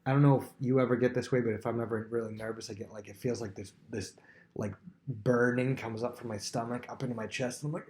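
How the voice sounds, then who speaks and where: A man teaching a Bible lesson to students, telling the story in a lively way and acting out the characters' words. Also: mid-range voice, very fast. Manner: animated storyteller who acts out quotes.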